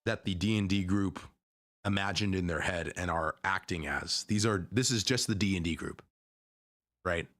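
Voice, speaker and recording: A man's voice: sits low, normal speed, a bit bright. A young man streaming as a vtuber, chatting casually about internet news in a rambling way, often cutting himself off and restarting. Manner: rambling, self-interrupting, conversational.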